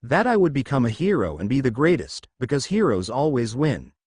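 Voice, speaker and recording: A man's voice: mid-range voice, big pitch swings, fairly quick, a little mellow, breathy edge, dry recording, studio quality. A man reading a brash, foul-mouthed young hero. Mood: bitter. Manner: bitter, self-mocking outburst.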